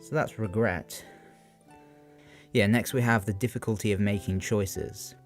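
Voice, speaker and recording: Young man, very low voice, hesitant revision talk, faint guitar music behind. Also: steady tone, unhurried. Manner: hesitant, many ums and "sort of" fillers. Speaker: student giving revision analysis. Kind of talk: unscripted spoken revision talk.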